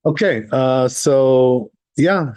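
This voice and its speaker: A man's voice: medium pitch, extremely slow, a little mellow. A man, a rabbi, giving a conversational class on a religious text. He reads passages aloud, then explains them in plain English and keeps checking in with the listeners. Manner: explains step by step, often checking with "right?"; reads Hebrew and Aramaic text, then translates.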